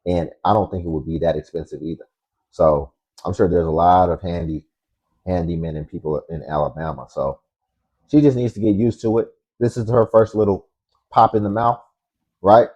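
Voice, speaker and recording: A man with a very low, mellow voice talks through clips in blunt, matter-of-fact commentary. The sound is a little dull and lo-fi. He speaks as the host of a reaction show. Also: fairly even intonation, moderate pace.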